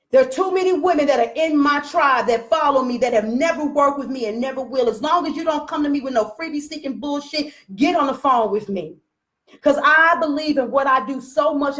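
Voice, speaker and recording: A woman's voice: high-pitched, a bit bright. A woman business coach talking straight to her followers in a blunt, profane, preachy rant. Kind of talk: unscripted live rant to followers.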